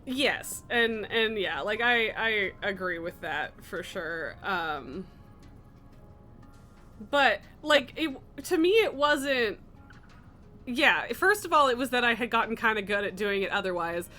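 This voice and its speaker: A woman chatting casually with a friend during a game stream, giggly and quick to swear. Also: mid-range voice, very animated, bright, forceful tone, soft background music. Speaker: co-player. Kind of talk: casual chat while gaming.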